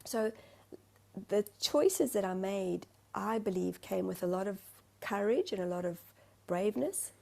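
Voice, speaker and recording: A South African-born woman medium shares her thoughts over a video call. Her voice is gravelly and mellow, and she talks in an earnest, searching way. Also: mid-range voice, expressive, a little slow. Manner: earnest, searching for words, breathy asides. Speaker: spiritual medium, guest. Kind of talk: heartfelt conversational sharing.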